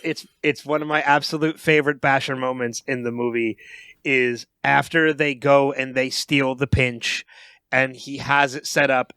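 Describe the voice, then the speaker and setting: A man co-hosting a podcast, chatting about a movie in an animated way and often restarting and repeating words as he gets going. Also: medium pitch, clear, resonant tone, dry recording, studio quality. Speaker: podcast co-host. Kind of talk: casual movie review chat.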